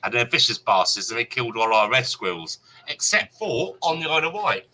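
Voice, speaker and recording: A man's voice: mid-range voice, sing-song, fairly quick, pushed and bright, low-quality recording. A man in casual chat, animatedly retelling a run-in by acting out both sides of the conversation. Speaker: friend telling a story.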